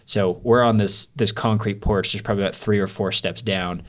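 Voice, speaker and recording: Low-voiced guy on a podcast, rambling through a story with lots of likes and ums. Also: fairly even intonation, brisk, fairly bright tone. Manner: rambling, filler-heavy, candid. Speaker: podcast guest. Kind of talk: storytelling in a casual interview.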